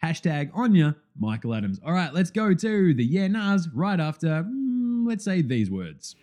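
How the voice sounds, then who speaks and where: An Australian man hosts a casual sports podcast, breaking into laughs and swearing as he rattles through the week. His voice sits a little high and swoops about with lively energy, with a mellow, dark tone to it. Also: a little slow. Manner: excitable, swears freely, laughs often.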